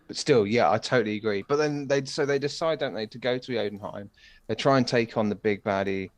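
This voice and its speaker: A man's voice: lowish voice, a little fast, no echo. A young British man co-hosting a podcast, recapping in easygoing casual chat with slang. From United Kingdom. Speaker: podcast co-host.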